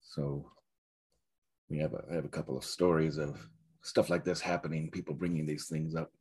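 A man giving a dharma talk as a Zen teacher, reflective and searching, with soft laughs. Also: a bass voice, level tone, normal speed, husky.

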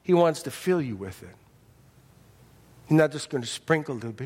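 A man preaching a sermon as pastor, folksy and animated, dropping from loud emphasis to hushed intensity. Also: fairly high pitch, a little fast, husky, in a large hall. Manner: folksy, humorous asides.

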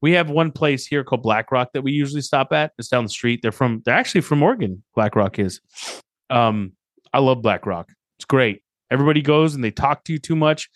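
A man's voice: mid-range voice, expressive, brisk, dry recording. A man in his thirties co-hosting a podcast, chatting casually and telling joking stories where he acts out what other people said. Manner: storytelling, joking, acts out quotes. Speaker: podcast co-host. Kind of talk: casual chat.

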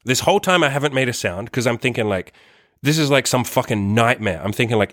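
A man's voice: medium pitch, lively intonation, fairly quick, fairly bright tone, dry recording, studio quality. A young man telling a personal story to camera in a rambling, profane way, full of fillers and tag questions. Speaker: vlogger.

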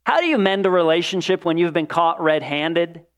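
A man preaching a sermon, shifting between loud, emphatic lines and quiet, drawn-out ones as he acts out quoted voices. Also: on the high side. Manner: expressive preaching, dramatic quoted voices, swings loud and soft. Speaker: pastor.

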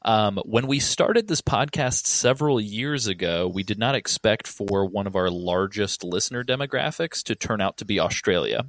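A man co-hosting a podcast, polite and expressive as he puts a question to a guest. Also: lowish voice, moderate pace, hardly any pauses, no room sound. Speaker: podcast co-host. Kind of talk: casual interview chat.

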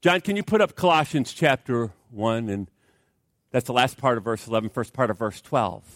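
A man's voice: medium pitch, moderate pace, a bit bright, dry recording, clean studio sound. A man preaching a sermon, telling a story with strong emphasis and speaking directly to his congregation. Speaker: pastor.

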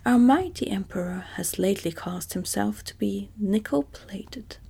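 A woman's voice: mid-range voice, a little slow, gravelly, warm tone, slightly rough. A woman voicing a polite, formal old male palace servant in a whispered role-play.

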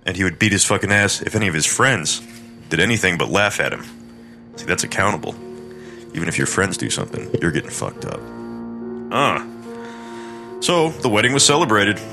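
A man's voice: low voice, big pitch swings, a little fast, long pauses, over music. A man hosting a horror story podcast, narrating a folk tale with crude, irreverent joking asides.

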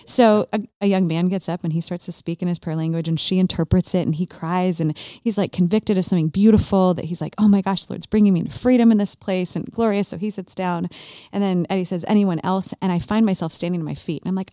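A woman in her forties tells a personal story at a rapid clip, her voice low and warm. She gets animated, slipping into little acted-out asides of what she thought at the time. The sound is close and dry, with no room around it. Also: no room sound. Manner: animated, acts out her own past thoughts in quick asides. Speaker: guest sharing a faith testimony. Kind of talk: casual conversational storytelling.

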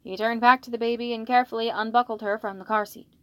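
A woman narrating a fanfiction story in a steady storytelling read. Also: on the high side, fast talker, dry recording. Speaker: fanfiction reader. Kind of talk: audiobook narration.

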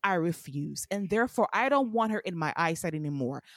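A woman talks through a TV recap in a blunt, animated way, with a voice that sits on the low side. The sound is dry and close, with no room around it. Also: brisk, no echo. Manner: animated, blunt, acts out quoted lines. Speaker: podcast co-host. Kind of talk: casual recap of a TV show.

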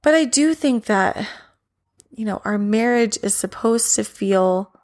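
A woman's voice: mid-range voice, lively intonation, a little slow, darkish tone. A woman in her thirties, host of a mom tips show, giving an earnest, encouraging faith talk in a rambling way with many fillers, her voice slightly worn. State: losing her voice a little.

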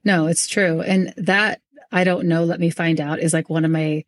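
Chatty woman host, lower voice. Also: normal speed. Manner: animated, repeats herself often while working through thoughts. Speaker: podcast host and business coach. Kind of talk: casual conversational interview.

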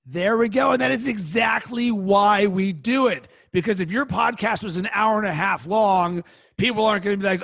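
High-pitched gravelly guy, enthusiastic coach, dry sound. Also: normal speed, a bit bright, no room sound. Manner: enthusiastic, emphatic. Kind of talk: casual conversation.

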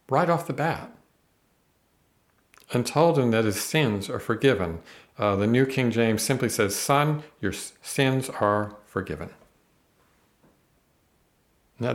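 A man teaching the Bible on a podcast, earnest and emphatic, reading verses aloud and explaining them. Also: medium pitch.

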